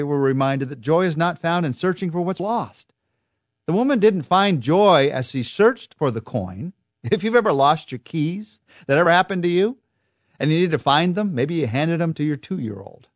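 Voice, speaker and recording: A man's voice: fairly high pitch, normal speed, dry recording. Earnest male Bible teacher, dry close sound. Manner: earnest, expressive, rising with emphasis. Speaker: pastor teaching a Bible study.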